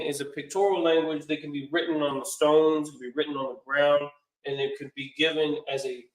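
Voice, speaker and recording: A man giving a classroom lecture in an earnest, repetitive way. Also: fairly high pitch. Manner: earnest lecturing, repeats himself. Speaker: teacher. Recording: echoey room.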